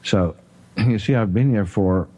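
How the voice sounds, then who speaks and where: Low-voiced South African man, halting. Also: dark tone, poor audio. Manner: halting, full of "you know" and throat clearing. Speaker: health talk host. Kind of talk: casual explanatory chat.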